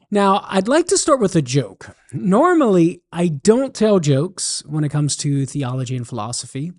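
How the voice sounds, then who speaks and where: A man from southern Louisiana with a Cajun accent, hosting a religious radio talk show as an animated storyteller. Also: on the high side. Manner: animated storyteller, jokes and laughs. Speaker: radio show host, apologist.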